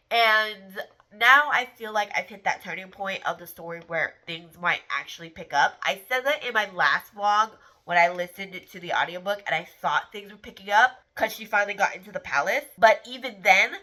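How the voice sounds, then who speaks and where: A woman's voice: medium pitch, expressive, moderate pace, pushed and bright, poor audio. A woman book vlogger with a congested, stuffed-up voice, chatting candidly to camera. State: congested from the flu. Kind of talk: casual chat to camera.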